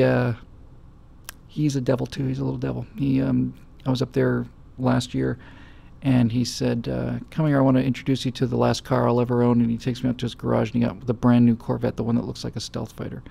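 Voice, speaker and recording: A man's voice: medium pitch, creaky, mellow, slightly rough. A middle-aged man hosting a show, telling rambling stories in casual chat with lots of fillers. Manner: rambling storytelling with many fillers. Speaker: show host.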